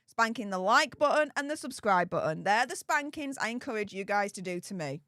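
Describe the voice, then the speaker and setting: A woman's voice: medium pitch, expressive, fairly quick, fairly bright tone, no room sound, studio quality. A woman hosting a casual live stream, chatting and reading out viewer comments, laughing often and repeating herself. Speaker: livestream host.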